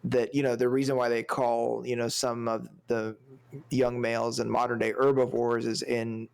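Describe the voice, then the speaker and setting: In a casual movie review chat, a podcast co-host discusses a film in a smooth, medium-pitched voice with vocal fry, flat delivery and normal speed. His talk is rambling, full of fillers, as he searches for words.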